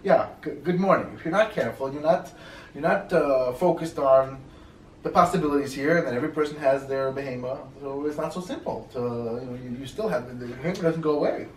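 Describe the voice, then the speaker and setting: A man teaching a class, telling stories in a casual, animated way and acting out the people in them. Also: medium pitch, fast, a little hiss or hum. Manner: animated, acts out quoted voices in his stories. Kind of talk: casual storytelling lecture. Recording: echoey room, mic at a distance, faint ambience.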